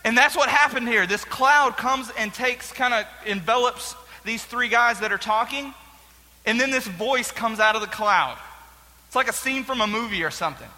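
A young man leads a casual Bible lesson for a group, chatty and animated, with plenty of jokes. His voice sits high and very bright. A long hall reverb follows his words. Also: normal speed. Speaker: youth pastor.

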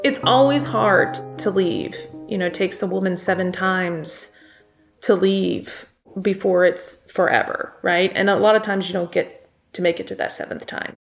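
A woman's voice: medium pitch, moderate pace, vocal fry, soft background music. A young woman, a guest in an interview, telling her own story in a candid, plainspoken way. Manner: candid and plainspoken, recounting events.

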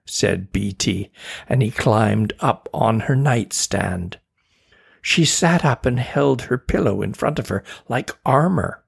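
A man reading a children's chapter book aloud in a steady, deliberate way. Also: mid-range voice, vocal fry, breathy edge. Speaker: narrator.

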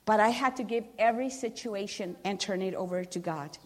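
A woman's voice: medium pitch, fairly quick. A middle-aged woman speaking earnestly as she gives a personal testimony at a church service, often restarting her sentences for emphasis. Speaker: church member giving testimony.

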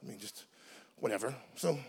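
A man preaching a sermon in a lively, comic storytelling way, with bursts of shouting. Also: fairly low pitch, normal speed, vocal fry, slightly rough.

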